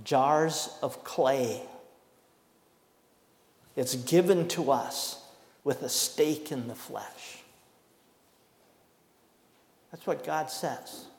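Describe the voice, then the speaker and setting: Slow, emphatic preacher in an echoey hall. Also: male voice, mid-range voice, gravelly, a little mellow. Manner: emphatic, with slow deliberate stresses and dramatic pauses. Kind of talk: sermon. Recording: echoey hall with long reverb.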